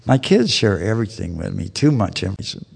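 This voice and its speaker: A man in his fifties delivers a personal testimony at a recovery meeting. His voice sits low, and his storytelling is folksy and full of plain slang. The talk is captured live, with a long reverb from the hall around it. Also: expressive, fairly quick, vocal fry, breathy edge.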